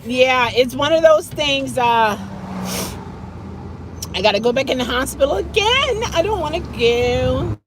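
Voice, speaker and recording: A woman chatting casually on a live stream from her car, animated and quick to laugh, sometimes dropping to a whisper. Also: sits high, background noise. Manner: animated, laughing often, drops to a whisper at times. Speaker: vlogger answering live chat.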